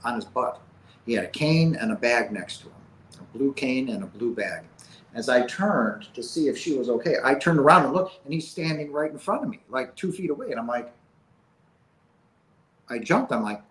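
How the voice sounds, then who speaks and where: A man's voice: medium pitch, animated, normal speed, a bit bright. Man telling a story in a roomy space. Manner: recounts events with frequent "like" and "right?". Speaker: guest sharing a personal experience. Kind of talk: casual spoken storytelling. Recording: roomy, faint background ambience.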